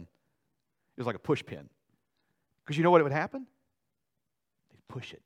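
A male pastor preaching a sermon in a church, animated, swinging between loud dramatic outbursts and quiet asides. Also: mid-range voice, fairly quick, pauses often. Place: church sanctuary.

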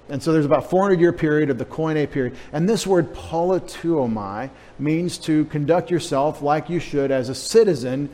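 A man's voice: fairly high pitch, a little mellow, long reverb tail. A male pastor teaching a sermon in a casual, joking way, spelling out Greek words for the congregation. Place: church sanctuary.

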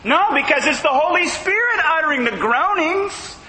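A man's voice: very high-pitched, expressive, normal speed, bright, forceful tone. A man preaching a sermon, emphatic and full of rhetorical questions. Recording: long hall reverb, faint noise.

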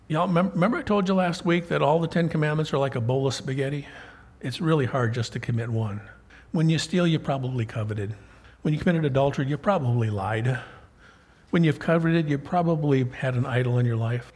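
Male preacher, husky, folksy, conversational, rhetorical questions. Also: medium pitch, brisk, darkish tone. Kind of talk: sermon.

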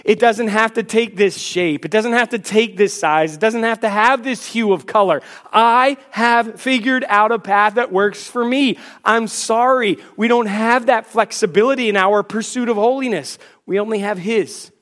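A man's voice: high-pitched, fairly bright tone. A man preaching a sermon in an emphatic, repetitive, rhetorical way.

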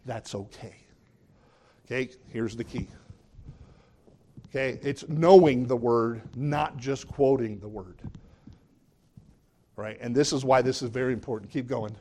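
A man preaching a sermon as pastor, animated, jumping up to high emphatic bursts and dropping low for asides. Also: unhurried, long pauses, slightly rough.

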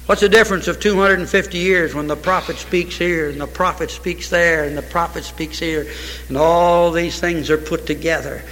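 A man preaching a sermon, reading scripture aloud and pressing each point with emphasis until he breaks into shouts. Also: a little high. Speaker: pastor. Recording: echoey hall with long reverb.

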